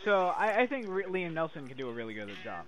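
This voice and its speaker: A man's voice: a little high, very animated, fast talker, low-quality recording. A young man hosting a podcast, chatting casually, swearing often and laughing a lot. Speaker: podcast host. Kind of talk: casual chat.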